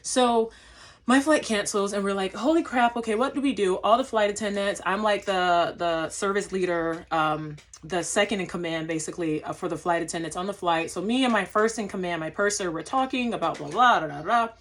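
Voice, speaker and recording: A woman's voice: mid-range voice, a little fast. A young woman, a flight attendant, telling a travel story in a casual vlog, acting out her own lines and using lots of fillers.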